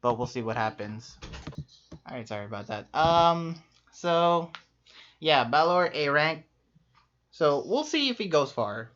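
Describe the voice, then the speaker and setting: A man's voice: a little high, sing-song, fairly bright tone. Upbeat man chatting on muffled audio. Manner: quick, upbeat, laughs often, many fillers. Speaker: co-host ranking players. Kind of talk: casual chat.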